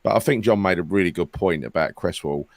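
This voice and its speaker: A man's voice: low-pitched, brisk, no room sound. A man co-hosting a casual football chat, laid-back and ending his points with "right?". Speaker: podcast co-host.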